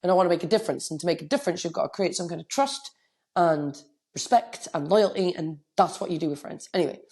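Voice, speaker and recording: A woman's voice: lowish voice, expressive, fast talker, darkish tone. A middle-aged woman with a cold, hosting a solo podcast as a coach and speaking candidly and emotionally into a microphone. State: has a cold, coughing.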